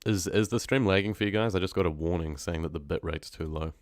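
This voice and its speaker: A man's voice: low voice, quick pace, dry recording, studio quality. A young man with a New Zealand accent chatting casually with his livestream viewers, rambling and often trailing off mid-thought. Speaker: horror story narrator chatting on a livestream.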